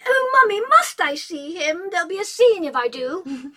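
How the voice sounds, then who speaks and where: A woman's voice: extremely high pitch, big pitch swings, moderate pace, pushed and bright, voice pushed up, heavily acted. A woman voicing a spoiled, petulant young aristocratic woman who whines and pleads. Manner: whiny, pleading.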